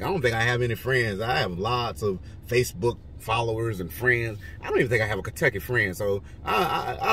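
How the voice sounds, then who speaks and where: A man joking his way through football picks, his voice jumping up high and loud, then dropping low and quiet. He sits a little back from the mic in a car, with faint road noise behind him. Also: recorded from a distance. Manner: rambling, joking, lively swings in pitch and loudness. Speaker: vlogger giving football picks. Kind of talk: casual picks monologue.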